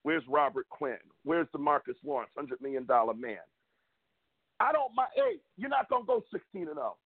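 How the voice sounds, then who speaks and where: A man's voice: big pitch swings, moderate pace, husky, no room sound. Fired-up man ranting on a phone line. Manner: fired up, rants with rising pitch. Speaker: podcast co-host. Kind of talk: sports talk podcast. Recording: tinny phone-like call line.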